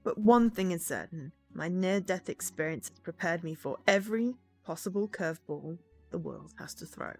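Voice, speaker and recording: Earnest teen girl, eager, lively pitch, read by a woman. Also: normal speed, hardly any pauses, faint music behind. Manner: earnest, wistful narration. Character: sixteen-year-old girl, earnest and eager. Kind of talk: visual novel voice reading.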